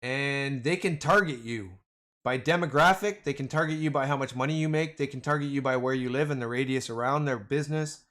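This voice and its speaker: A man hosts a casual livestream, rambling, joking, and often calling his viewers "man" and "boys." His voice is medium-pitched, fairly quick and a bit bright.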